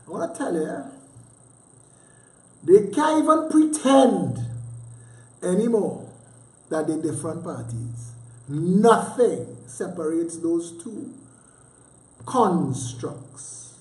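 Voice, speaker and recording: A man's voice: high voice, animated, takes it slowly, pauses often, a little mellow. A Trinidadian man hosting a livestream, chatting casually with teasing, sarcastic asides and heavy dialect. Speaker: livestream host. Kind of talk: casual rambling commentary. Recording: roomy echo.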